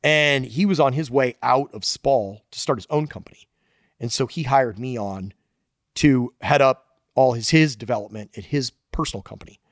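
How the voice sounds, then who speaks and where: A man's voice: mid-range voice, normal speed, no room sound, studio quality. A man talking as a podcast guest, a loose storyteller who swears casually. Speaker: guest engineer and shop founder.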